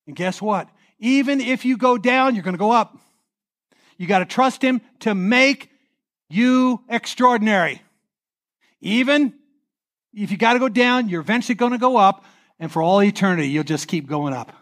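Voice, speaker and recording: A man's voice: sits high, animated, normal speed. Impassioned preaching pastor, man. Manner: impassioned preaching, rising to near-shouts; drops to a hushed prayer. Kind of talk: sermon.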